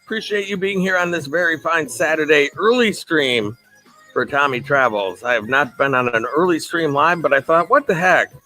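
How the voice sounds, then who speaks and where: A man's voice: a little high, normal speed, sharp tone, soft background music. A man hosting a casual live stream, upbeat, greeting viewers by name and chuckling often. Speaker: livestream host.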